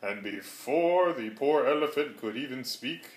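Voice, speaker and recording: A man's voice: medium pitch, expressive, a little slow. A man reading a rhyming storybook aloud with a rhythmic, sing-song delivery. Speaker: reader. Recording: roomy echo.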